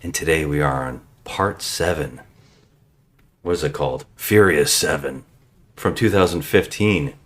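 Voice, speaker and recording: A man's voice: extremely low pitch, a little slow. A man hosting a podcast, chatting casually with profane, joking banter. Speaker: podcast host.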